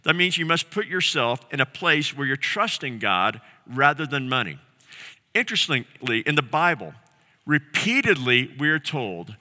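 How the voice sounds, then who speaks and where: A male pastor preaching with a very bright, forward tone and a lively, rising and falling pitch. He speaks earnestly and repeats key phrases for emphasis. His voice carries the long reverb of a church hall. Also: unhurried. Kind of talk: sermon.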